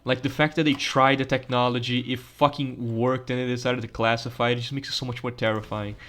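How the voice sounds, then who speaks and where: A man's voice: medium pitch, level tone, a little fast, fairly bright tone. A young man giving casual gameplay commentary, rambling with crude jokes and frequent stammered restarts. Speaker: gaming channel host.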